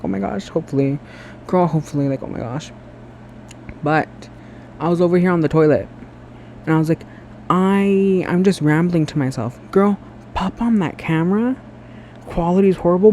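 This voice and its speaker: A man's voice: fairly high pitch, mellow, slight background noise. A man vlogging to his phone camera in a home bathroom, chatty and sassy, earnest and emotional as he rambles. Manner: chatty and sassy, lots of "girl" and "like"; emotional and earnest, self-described sensitive. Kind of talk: casual rambling monologue to camera.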